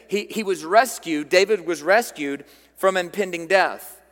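Pastor guy preaching, high bright voice, big echoey church sound. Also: moderate pace. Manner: emphatic preaching, repeats key phrases, reads scripture aloud. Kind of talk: sermon. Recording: long hall reverb.

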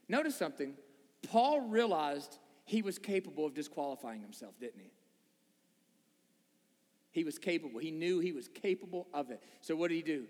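A pastor preaches to a congregation in a church sanctuary, conversational and full of rhetorical questions, with the long reverb of a large hall. His voice is fairly high, a little mellow and very animated, at a moderate pace.

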